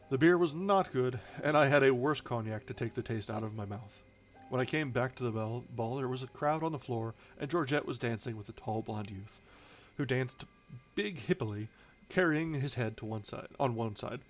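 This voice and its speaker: A man reading a novel aloud on a live stream, with small slips and restarts and light changes of voice for the characters. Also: medium pitch. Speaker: audiobook reader, streamer. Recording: slightly dull home stream audio with soft background music. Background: faint background music.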